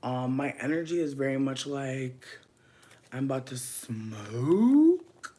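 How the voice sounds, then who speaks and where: Low-voiced, giggly young woman streaming. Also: big pitch swings, takes it slowly, slight background noise. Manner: giggly, swings between loud laughing outbursts and hushed whispers; rambling, lots of "like" and "um", talks straight to chat viewers. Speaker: livestream host. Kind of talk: casual late-night livestream chat.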